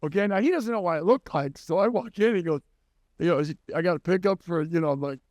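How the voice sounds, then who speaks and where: A man with a notably high voice tells long, rambling stories as a comedy podcast host. The sound is dry and close, with no room echo. He talks loosely, in casual chat. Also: brisk, a little mellow. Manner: rambling anecdotal storyteller.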